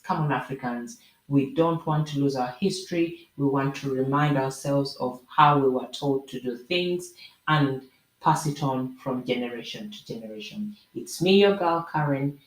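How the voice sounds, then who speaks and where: A woman host explaining proverbs to viewers in an animated, preachy way with jokey asides. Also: rumbling low, normal speed. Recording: roomy echo.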